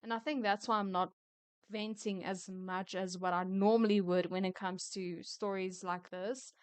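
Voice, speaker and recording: Woman storyteller, smooth clear tone, dry close sound, chatty and quick to vent. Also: medium pitch, fairly even intonation, dry recording. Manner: opinionated, chatty, quick to rant. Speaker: storyteller reading retail stories. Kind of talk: casual story reading with commentary.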